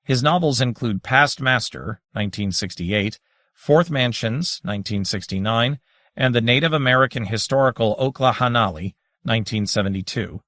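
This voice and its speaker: A man reading an audiobook aloud in measured, dramatic scripted narration. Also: mid-range voice, pushed and bright, no room sound.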